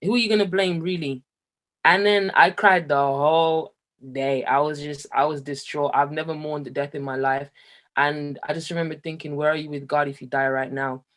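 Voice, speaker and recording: Young man, from Jamaica, candid storytelling, lively delivery. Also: a little high, moderate pace. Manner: animated, laughs often, voice rises when excited. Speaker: guest, musician.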